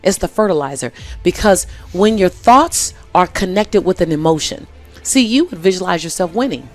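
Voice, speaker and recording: A woman in relaxed conversation as an interview guest, her voice sitting on the low side. She talks earnestly and circles back to repeat her main points, with faint music underneath. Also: moderate pace. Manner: earnest, repeats key phrases. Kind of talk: casual conversation.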